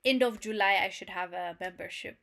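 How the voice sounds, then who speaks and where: A young woman hosts a relaxed livestream, chatting with viewers and reading their messages aloud. Her voice is bright and forward, sitting at an ordinary pitch for a woman. She laughs easily and talks to her audience in a friendly, informal way. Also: brisk, vocal fry. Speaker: channel host reading live chat. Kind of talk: casual livestream chat.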